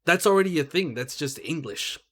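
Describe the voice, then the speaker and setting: A man's voice: a little high, a little fast, husky. A man co-hosting a casual podcast, talking heatedly and asking "right?" over and over. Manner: heated, animated, swears, says "right?" and "bro". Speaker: podcast co-host. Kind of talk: casual chat.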